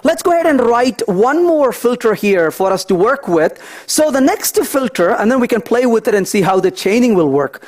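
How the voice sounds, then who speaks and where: A man giving a technical conference talk, walking through live code and telling lively anecdotes as he thinks aloud. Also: very high-pitched, moderate pace, hardly any pauses. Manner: animated, storytelling asides, thinks aloud. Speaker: conference speaker.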